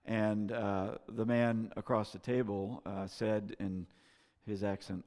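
Male pastor, sermon, gravelly voice, long hall reverb, earnest storytelling. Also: on the low side, unhurried. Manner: storytelling, earnest, varies loud and soft. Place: church sanctuary.

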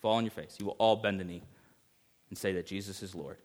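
A man preaching a sermon as pastor, emphatic, swinging between urgent rises and hushed passages. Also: low-pitched, steady tone, fairly quick.

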